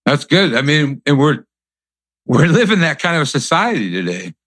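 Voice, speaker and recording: A man's voice: fairly high pitch, big pitch swings, moderate pace, a bit bright, dry recording. A male interview host speaking earnestly and reflectively.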